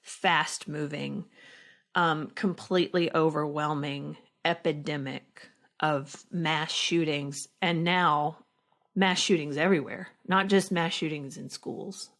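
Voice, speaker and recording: A middle-aged actress talking slowly and reflectively as a podcast guest, with halting restarts. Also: female voice, sits low, steady tone, fairly bright tone. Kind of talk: emotional interview conversation.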